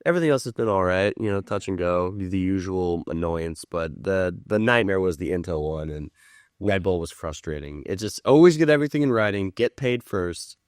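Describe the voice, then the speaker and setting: Animated man telling wild stories. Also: deep voice, normal speed, smooth, no room sound, studio quality. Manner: animated storyteller, acts out quoted lines, swears casually. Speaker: film producer guest. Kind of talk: casual chat.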